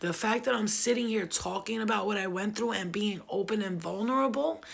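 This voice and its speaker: A woman's voice: mid-range voice, fairly quick, creaky. A woman telling her life story on a live stream in a blunt, emphatic, profane way. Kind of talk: casual unscripted storytelling.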